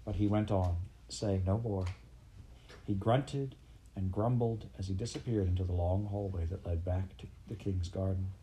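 A man reading a children's storybook aloud in a steady, measured way. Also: low voice, slight background noise. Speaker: audiobook reader. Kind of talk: storybook narration.

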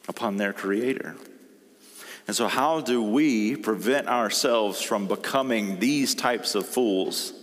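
A man preaching a sermon in a deep, low voice, taking his time over each phrase. He reads scripture aloud and leans into his points with rising emphasis. His voice carries a long reverb, as if from a large hall.

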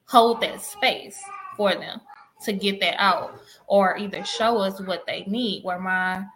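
A woman's voice: medium pitch, a bit bright, a little hiss or hum, rough recording. A woman, telling parenting stories in a casual panel talk and acting out the dialogue. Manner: emphatic storytelling, acts out dialogue.

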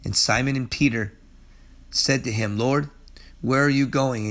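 A man in his forties, a pastor preaching and praying in earnest, emphatic bursts that drop to soft prayer. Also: mid-range voice, lively intonation, measured pace, pauses often. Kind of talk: sermon and closing prayer. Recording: loud guitar music behind.

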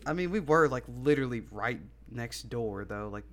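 A man's voice: mid-range voice, expressive, moderate pace, a bit bright. A young man co-hosting a podcast, telling a story casually with lots of swearing and laughter. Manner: laid-back, profane, laughs often. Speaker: podcast co-host.

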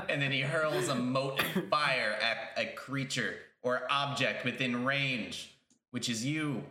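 A man's voice: mid-range voice, echoey room. A man running a tabletop game as game master, narrating casually and swearing now and then. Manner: casual, swears, puts on shouted voices for characters.

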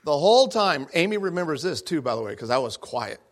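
A man's voice: fairly high pitch, brisk. A young man giving a guest talk to an audience, telling a personal story with jokes and acting out his own lines. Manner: animated, jokey, acts out his own lines. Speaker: guest speaker.

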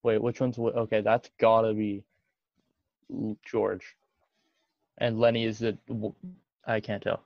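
A man's voice: lowish voice, flat delivery, unhurried, vocal fry, long pauses, no room sound, lo-fi sound. A man co-hosting a casual podcast over a video call, often correcting himself mid-sentence. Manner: hesitant, self-correcting. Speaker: podcast co-host. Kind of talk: casual chat.

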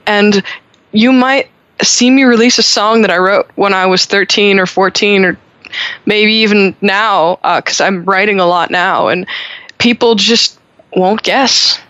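A woman's voice: mid-range voice, a little slow, fairly bright tone, dry recording. A young woman from Montreal, a singer-songwriter guest, chatting upbeat and talkative with frequent restarts. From Montreal, Canada. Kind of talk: casual interview chat. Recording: dull lo-fi audio.

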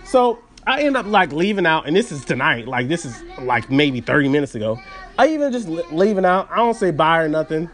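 A man's voice: fairly high pitch, big pitch swings, a little fast, fairly bright tone. A man hosting a podcast, telling a story as a casual, rambling rant full of fillers and restarts. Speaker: podcast host.

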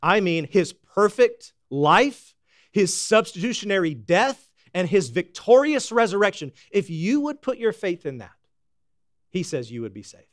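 A man preaching a sermon, folksy and animated, swinging from loud exclamations to hushed emphasis. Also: high-pitched, measured pace, no echo, studio quality. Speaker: pastor.

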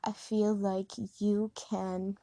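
A woman's voice: medium pitch, little pitch movement, very slow, warm tone, no room sound. A young adult woman hosting a podcast, giving advice in a chatty, rambling way with lots of fillers, recorded in her bedroom at home. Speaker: podcast host. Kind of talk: casual advice monologue.

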